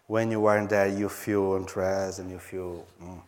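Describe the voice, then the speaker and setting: A pastor from Brazil, speaking in Portuguese-accented English, tells a story earnestly during a sermon, his phrasing halting and non-native. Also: low-pitched, little pitch movement, darkish tone.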